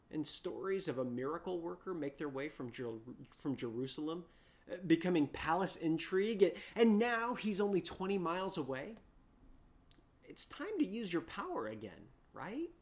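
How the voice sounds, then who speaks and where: Telling a story in his sermon, a preacher with a mid-range voice often repeats words as he restarts sentences. He swings from loud bursts down to hushed whispers.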